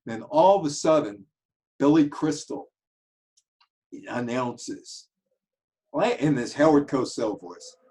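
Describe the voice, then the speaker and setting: New guy telling stories, voice jumps all over, middle pitch. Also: lively intonation, slow, pauses often, mellow, low-quality recording. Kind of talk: casual storytelling monologue.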